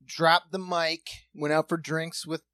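A man co-hosting a comedy chat, riffing quickly with jokes and swearing. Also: fairly high pitch, level tone, pushed and bright. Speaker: comedian podcast co-host. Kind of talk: casual comedic banter.

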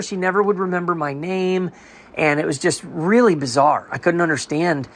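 A man's voice: on the high side, moderate pace. A man who runs an online ministry, sharing a personal testimony in an earnest, storytelling way and often acting out other people's voices.

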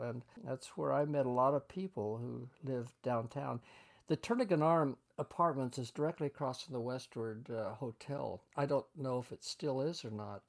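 A man's voice: mid-range voice, gravelly. An older man reminiscing in an interview, chatty, laughing often as he tells his stories. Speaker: oral history interviewee. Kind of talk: reminiscing storytelling.

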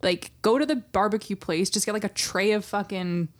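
A woman co-hosting a podcast, chatting casually about a TV episode, animated and swearing freely with lots of filler words. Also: medium pitch, normal speed. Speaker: podcast co-host. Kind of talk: casual chat recapping a TV episode.

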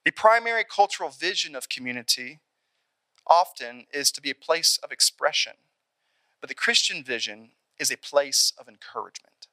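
A young adult man preaching a sermon in an animated, conversational way, acting out little scenes along the way. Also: on the high side, moderate pace, no room sound. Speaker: pastor.

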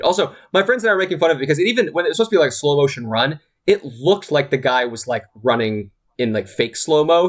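A man giving a rambling, exasperated and profane recap of a movie in casual chat. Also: mid-range voice.

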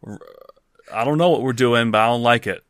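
A man's voice: mid-range voice, brisk, no echo, natural voice. A man voicing a reluctant, grumbling male farmer who complains a lot.

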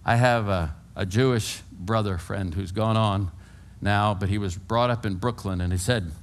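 An elderly man from California preaches to his congregation. He tells stories in a folksy, humorous way and moves freely between quiet asides and raised, emphatic lines. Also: on the low side, moderate pace. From California, USA. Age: around 80. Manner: folksy, animated storytelling with humor, swings between hushed and loud. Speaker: pastor. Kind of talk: sermon. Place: church before a congregation.

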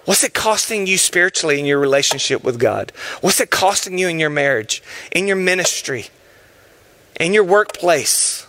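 High-voiced impassioned male preacher. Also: animated, normal speed, sharp tone. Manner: emphatic, impassioned, urgent. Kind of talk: sermon.

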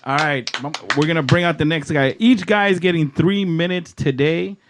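A man's voice: a little high, moderate pace. A man hosting a comedy competition, announcing acts in an upbeat way and slipping in Spanish phrases. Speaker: host. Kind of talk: casual emcee banter. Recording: noisy background.

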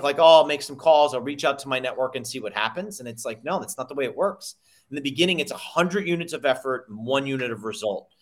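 A man being interviewed as a sales coach, talking energetically and telling stories, often repeating himself and acting out quoted people. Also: medium pitch. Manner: energetic, repeats words and restarts, quotes people in lively voices. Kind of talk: conversational interview storytelling.

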